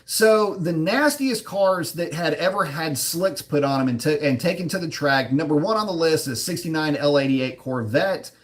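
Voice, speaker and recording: A man's voice: fairly high pitch, expressive, moderate pace, hardly any pauses. A man hosting a live chat, answering viewer questions in a rambling, frank way with many fillers and restarts.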